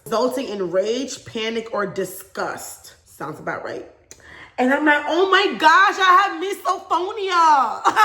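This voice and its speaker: A young adult woman vlogger telling a casual story in a chatty, animated way, laughing often. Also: a little high, roomy sound.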